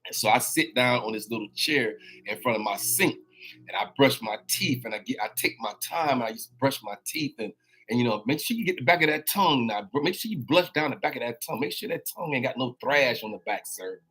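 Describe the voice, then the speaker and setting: Husky man preaching casually. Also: medium pitch, expressive, a bit bright. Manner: preachy, folksy, with drawn-out exclamations. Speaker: life coach and show host. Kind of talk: casual motivational monologue.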